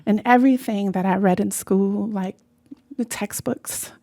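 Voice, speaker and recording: A woman from California, being interviewed in a studio, recounting her childhood with lively quoted voices. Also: mid-range voice, a little slow. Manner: animated, lively quoting of family voices. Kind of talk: conversational interview storytelling. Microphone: studio microphone.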